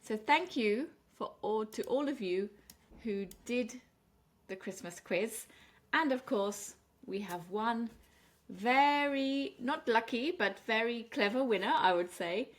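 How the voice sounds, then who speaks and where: Woman going over an english pronunciation quiz, slow and careful on each word. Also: on the high side, expressive. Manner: clear, deliberate, stressing words slowly. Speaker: English teacher. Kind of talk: pronunciation lesson.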